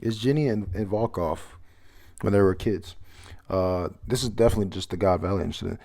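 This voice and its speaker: A man with a fairly low, mellow voice talks through a comic chapter in loose, rambling chat. He swears casually and reads panels aloud as he goes. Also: brisk, gravelly. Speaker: manga chapter reviewer.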